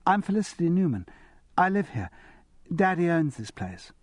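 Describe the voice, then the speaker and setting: A man's voice: a little high, big pitch swings, normal speed, no room sound, studio quality, voice pushed up. A man voicing a giggly, easily impressed upper-class teenage girl with an English public-school accent in an audiobook. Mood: girlish eager. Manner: girlish, bright, enthusiastic. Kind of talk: audiobook character voice.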